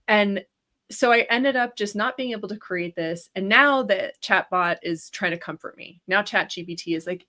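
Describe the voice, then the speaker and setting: A woman telling a personal story in casual chat, animated, laughing often and using many fillers. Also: medium pitch, fairly quick.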